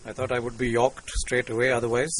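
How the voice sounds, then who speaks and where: A man with an Indian English accent giving a formal, courteous public lecture to an audience, measured and lightly humorous. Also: medium pitch, completely flat delivery, fairly bright tone, rough recording. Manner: courteous, measured, with cricket quips. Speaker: invited lecturer. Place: lecture hall.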